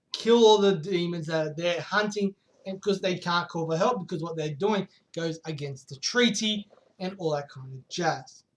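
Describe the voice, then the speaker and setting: Male vlogger, high-pitched, excitable, casual with rhetorical questions and light swearing. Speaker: manga chapter reviewer. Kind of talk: casual recap vlog.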